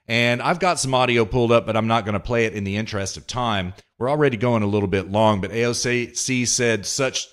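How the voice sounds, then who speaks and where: A man's voice: mid-range voice, fairly bright tone. A man hosting a political commentary podcast, reading news excerpts aloud and reacting with sarcastic indignation. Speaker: podcast host.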